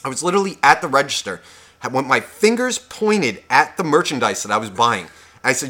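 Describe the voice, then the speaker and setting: A man's voice: medium pitch, very animated, brisk, sharp tone. A man on a podcast, telling a profane shopping story and acting out both sides of the conversation. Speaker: podcast co-host. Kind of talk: casual storytelling rant.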